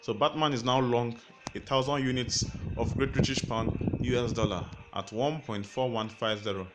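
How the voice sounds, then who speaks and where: A man's voice: medium pitch, fairly even intonation, moderate pace, heavy background noise. A man teaching forex trading through a casual story, sometimes stumbling over numbers. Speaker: forex educator. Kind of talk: storytelling explainer lesson. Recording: music playing underneath.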